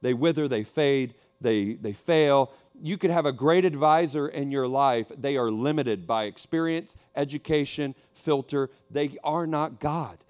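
A man preaching a sermon, swinging from hushed, low passages to loud, emphatic repeated lines. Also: measured pace, few pauses. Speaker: pastor.

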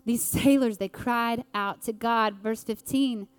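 A woman preaching an earnest sermon with dramatic pauses. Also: fairly high pitch, fairly even intonation, clear, resonant tone, dry recording.

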